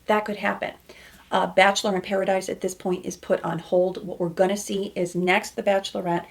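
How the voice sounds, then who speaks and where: A woman's voice: medium pitch, flat delivery, a little fast, gravelly. A woman hosting a reality TV commentary show, talking casually to her viewers in a chatty, heartfelt way. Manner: chatty, warm-hearted, gets choked up.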